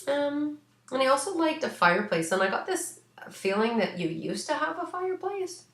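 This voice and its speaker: A woman's voice: high voice, very animated, normal speed, a bit bright. A woman giving a casual spoken pet reading as an animal psychic, chatty and rambling with lots of ums and restarts, a little sneezy. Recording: echoey room.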